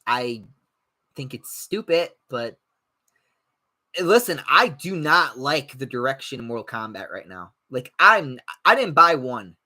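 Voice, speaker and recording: With a medium-pitched voice and a measured pace, a young podcast host rambles casually while reading live chat. He's animated, blunt and full of swearing, imitating people he disagrees with in mocking voices.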